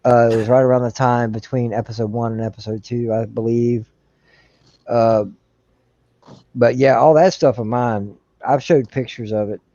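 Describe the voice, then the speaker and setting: A man's voice: mid-range voice, fairly even intonation, normal speed, warm tone, no echo. An older man, a grandfather, telling a rambling nostalgic story in a casual chat. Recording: dull lo-fi mic.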